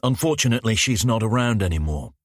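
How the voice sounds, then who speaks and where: A man's voice: on the low side, animated, quick pace, no echo, pitched above the performer's own voice. A man voicing a wry, haunted detective. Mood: sardonic. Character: haunted adult male detective, wry and calm.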